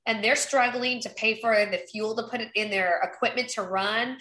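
A woman's voice: fairly high pitch, fairly even intonation, normal speed, pushed and bright, roomy sound, poor audio. Upbeat, effusive woman from North Carolina. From Eastern North Carolina. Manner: upbeat and effusive, with many restarts. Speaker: congressional candidate. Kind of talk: podcast interview.

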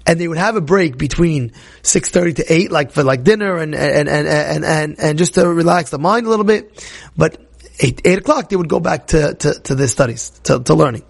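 A young man telling a religious story to a class, excitable, repeating words and acting out the people he quotes. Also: fairly high pitch, brisk, vocal fry, slightly rough. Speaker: Torah teacher.

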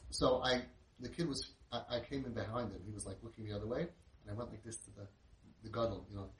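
A middle-aged man, telling an inspirational story in an animated way and sprinkling in Yiddish and Hebrew words. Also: lowish voice, quick pace. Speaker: inspirational speaker. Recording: roomy, distant mic with faint noise.

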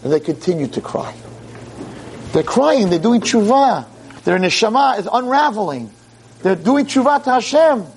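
A man giving an animated holiday sermon as a rabbi, mixing Hebrew verses with English and acting out the quotes dramatically. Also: normal speed, a little hiss or hum. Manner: dramatic, acts out quotes with big pitch jumps. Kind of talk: animated sermon to a live audience.

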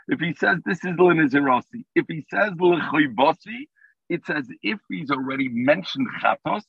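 A man's voice: on the high side, creaky, husky, no echo. A man teaching a Talmud class over the phone from his car, explaining the text in English mixed with Hebrew and Aramaic terms. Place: in a car while driving. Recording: tinny phone line.

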